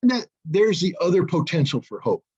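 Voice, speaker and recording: A man's voice: high-pitched, very animated, fairly quick, darkish tone, slightly rough, lo-fi sound. An older man giving blunt, sarcastic political commentary as an interview guest over a video call, with many ums and restarts.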